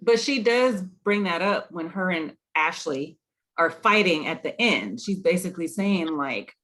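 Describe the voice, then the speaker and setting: A man's voice: high voice, lively intonation, unhurried, bright, forceful tone. A man co-hosting a casual talk show about a TV series, asking questions and thinking aloud. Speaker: podcast co-host. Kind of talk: casual chat about a TV episode.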